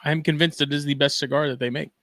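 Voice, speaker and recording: A man's voice: fairly high pitch, fairly even intonation, quick pace, fairly bright tone, no echo. A man co-hosting a casual podcast, talking in a laid-back, drawling way and reading news items aloud. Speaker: podcast co-host.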